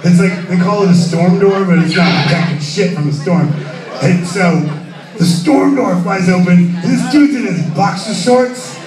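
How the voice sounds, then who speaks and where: A man telling a profane, animated comedic story on stage at a live music venue, often laughing mid-line. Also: high voice, normal speed. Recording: roomy live venue, far from mic.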